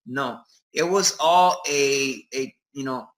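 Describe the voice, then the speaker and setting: A man talking casually with hesitant pauses and fillers. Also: medium pitch, fairly bright tone, rough recording. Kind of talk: casual talk.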